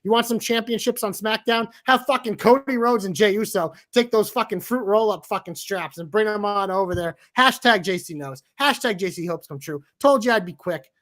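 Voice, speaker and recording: A man's voice: high-pitched, fairly quick, hardly any pauses, a bit bright. Profane, ranting male podcast co-host. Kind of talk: casual wrestling chat.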